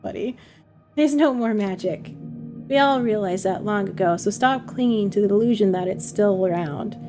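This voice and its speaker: A woman's voice: medium pitch, moderate pace, music in the background, lightly acted. A woman voicing an arrogant young man in a game, speaking coldly and scornfully. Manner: cold, scornful, commanding.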